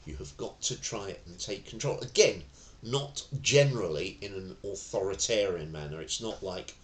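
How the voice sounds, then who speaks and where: A man teaching self-defence in a relaxed, anecdotal way, acting out the phrases he quotes. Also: deep voice, normal speed. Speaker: tai chi and self-defence instructor. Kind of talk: spoken lesson. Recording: roomy echo.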